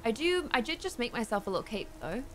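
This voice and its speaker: A woman's voice: fairly high pitch, big pitch swings, fast talker, a bit bright, slight background noise. A young woman giving chatty, playful let's-play commentary into a desk mic, with giggly exclamations. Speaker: gaming streamer.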